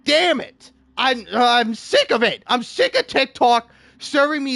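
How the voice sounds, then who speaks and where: A man ranting in a comedic way, exasperated and theatrical, swinging between shouting and muttering. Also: very high voice, lively intonation, unhurried, gravelly, hardly any pauses, no echo. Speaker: online video creator. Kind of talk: comedic rant.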